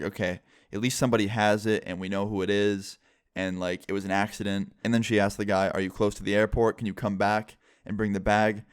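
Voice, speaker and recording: A young man telling a rambling, excitable story to camera in a casual vlog style, full of "like" and acted-out quotes. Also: fairly low pitch, smooth, dry recording, clean studio sound. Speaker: vlogger.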